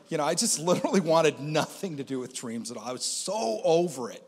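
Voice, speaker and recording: A man's voice: fairly high pitch, animated, fairly quick, few pauses, husky, in a large hall. A man giving a conversational personal testimony as a Christian speaker, with lots of fillers.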